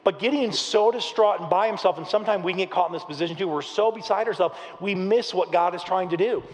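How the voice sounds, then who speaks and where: A middle-aged male pastor preaches in a large church, swinging into lively acted-out quotes as he tells a story. His voice sits high for a man. The sound carries a long hall reverb. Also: quick pace. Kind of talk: sermon.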